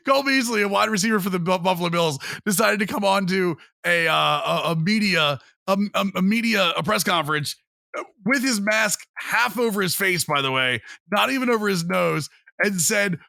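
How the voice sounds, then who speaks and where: Man, sports podcast co-host, high voice, sharp bright tone, gravelly, casual chat. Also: dry recording, studio quality. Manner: animated, laughs often, reads quotes mockingly.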